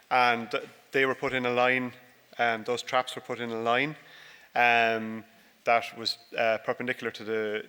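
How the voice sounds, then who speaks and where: A man's voice: mid-range voice, bright, forceful tone, smooth. A dairy farmer giving a chatty, jokey conference presentation about his farm. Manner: jokey, chatty and self-deprecating. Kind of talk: informal conference presentation with slides. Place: large conference hall. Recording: long hall reverb.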